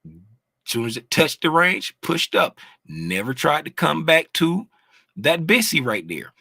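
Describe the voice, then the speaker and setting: A man leads a live walkthrough of trading charts, quizzing his audience and drawing out the key words. His voice is bright and forceful, a little higher than most men's, and he takes his time. The sound is dry and close, with no room around it. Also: unhurried, creaky, no echo. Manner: animated, sings out terms, asks the audience questions. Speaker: trading educator.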